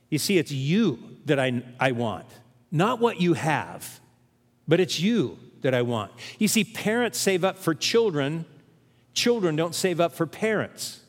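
An older man delivers a sermon in an earnest, conversational way, his voice sitting a touch high for a man. He leans on key words with emphatic rises. The sound rings with the long reverb of a church sanctuary. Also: very animated, measured pace. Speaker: pastor.

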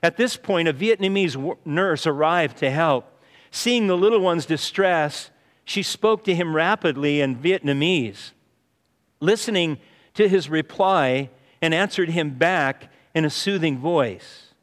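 A man delivers a sermon in an earnest, storytelling manner and keeps coming back to "you see". His voice sits on the high side, and he takes his time. The sound rings with the long echo of a large hall. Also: animated, a little slow. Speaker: pastor. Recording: reverberant hall.

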